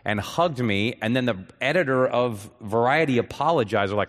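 Casting: low-voiced man, dry self-mocking guest, halting delivery, live hall sound. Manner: self-deprecating, deadpan jokes, halting restarts. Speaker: guest actor. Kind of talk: casual interview chat.

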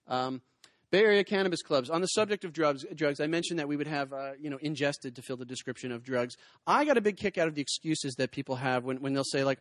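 A man's voice: mid-range voice, dry recording. A man doing a stand-up comedy set, wry and rambling, reading mock-serious bomb instructions and chatting with the crowd.

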